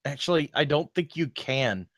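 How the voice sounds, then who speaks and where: A man's voice: fairly high pitch, lively intonation, normal speed, fairly bright tone, no echo, studio quality. A man playing in a casual tabletop game, talking loosely and repeating himself. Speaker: player.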